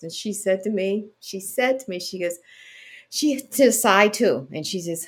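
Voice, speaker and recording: A woman guest telling lively stories in casual chat, laughing often. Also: medium pitch, a little slow. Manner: animated storyteller, laughs often.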